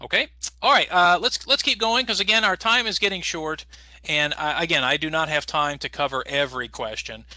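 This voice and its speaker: A man teaching an English as a second language class over a video call, explaining patiently and slowly with lots of fillers. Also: fairly high pitch, sharp tone, no echo. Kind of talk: online class instruction.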